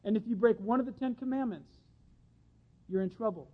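A man preaching a sermon in a folksy, animated way, acting out little voices of the people in his stories. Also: high voice, fairly quick. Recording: dull lo-fi sound.

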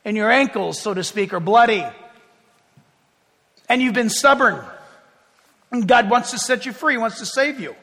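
A man preaching as a pastor, animated, moving from hushed tones to loud calls. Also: very high-pitched, normal speed, pauses often. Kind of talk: sermon. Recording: long reverb of a large hall.

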